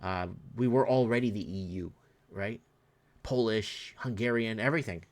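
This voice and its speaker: A man from Canada hosts his own livestream show from a room indoors. He reads headlines aloud in a plain voice, then stops to rant and exclaim about them to his viewers, with sudden jumps in loudness. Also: fairly low pitch, moderate pace. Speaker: show host. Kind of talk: solo livestream commentary on news.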